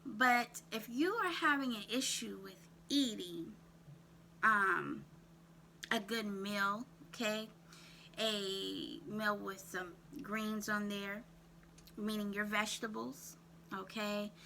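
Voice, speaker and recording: A woman's voice: medium pitch, gravelly, pushed and bright, a little hiss or hum. A woman vlogging about self-care, coaching her viewers with a string of questions and telling them again and again to write it down. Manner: asks viewers rapid questions, repeats "write that down". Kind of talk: direct-to-camera coaching talk.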